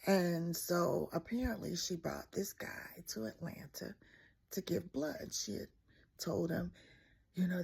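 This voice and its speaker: Young woman, frank storyteller, husky voice, slow delivery. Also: on the low side, mellow. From Mississippi, US. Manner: candid, emphatic, profane storytelling. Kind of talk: personal storytelling.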